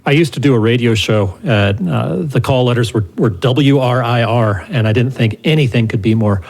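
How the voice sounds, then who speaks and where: Relaxed middle-aged male podcast co-host. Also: medium pitch, moderate pace, creaky. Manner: relaxed, self-deprecating storyteller. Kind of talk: casual conversation.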